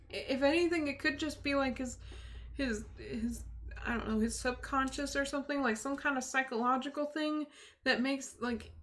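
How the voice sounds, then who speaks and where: A woman's voice: high voice, a bit bright. A young woman casually commenting on a story game with emotional, giggly reactions. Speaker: gaming channel host.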